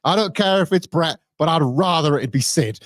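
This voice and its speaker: A man's voice: a little high, animated, normal speed, no room sound, pitched above the performer's own voice. A man putting on a brash, defiant male wrestling star who insists, riled up, during a promo.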